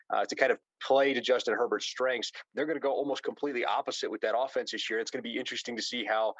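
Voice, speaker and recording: A man's voice: mid-range voice, fairly bright tone, no echo, lo-fi sound. An American man talking casually as a guest on a sports podcast, full of fillers and restarts, cracking jokes. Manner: conversational, many fillers and restarts, wisecracking. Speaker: NFL insider guest.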